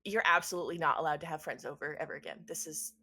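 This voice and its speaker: A woman voicing a bored, aloof man in a tabletop game, flat and unbothered. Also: deep voice, rapid-fire, breathy edge, exaggerated voice.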